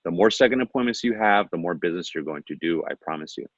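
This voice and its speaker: A man with a deep voice leads a sales training, coaching his listeners and asking them rhetorical questions. He acts out sample pitches in a casual, friendly way. The recording is dry and a bit dull. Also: lively intonation, fast talker, no room sound. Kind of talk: training presentation.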